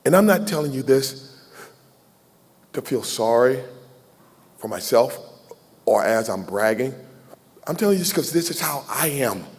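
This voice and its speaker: A man's voice: medium pitch, expressive, unhurried, long pauses, husky. Heartfelt man speaking in a reverberant hall. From Southern United States. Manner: heartfelt, folksy and joking, pours his heart out. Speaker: keynote speaker. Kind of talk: emotional speech at a gala, taking audience questions. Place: large banquet hall. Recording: long hall reverb from a ballroom PA.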